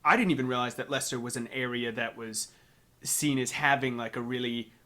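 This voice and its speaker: A young man from the South, co-hosting a casual podcast, animated and quick to laugh, with lots of fillers. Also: medium pitch. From Southern United States. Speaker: podcast co-host. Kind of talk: casual chat.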